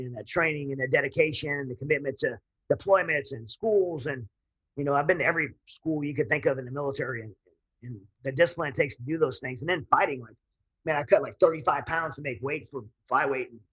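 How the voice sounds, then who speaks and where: A man's voice: mid-range voice, fast, fairly bright tone, husky, low-quality recording. A man, a military veteran guest, telling his personal story in an earnest, rambling way with frequent restarts.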